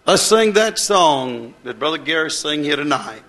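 Guy preaching, high voice, folksy, gets worked up then goes quiet. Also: measured pace. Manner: folksy and excitable, swinging between loud bursts and soft asides. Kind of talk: sermon.

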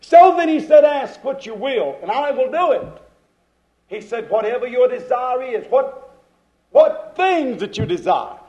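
A man's voice: extremely high pitch, big pitch swings, a little slow, a little mellow, low-quality recording. A man preaching a sermon, repeating phrases with rising and falling emphasis.

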